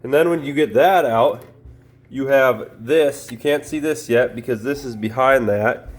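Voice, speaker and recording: Man, folksy and chatty, self-deprecating, casual home repair tutorial, middle-pitched voice, recorded on a phone. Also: measured pace. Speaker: DIY video host.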